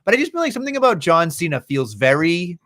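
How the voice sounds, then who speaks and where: A man's voice: on the high side, very animated, quick pace, sharp tone. A man co-hosting a podcast, chatting casually about wrestling in a rambling, profane way. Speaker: podcast co-host.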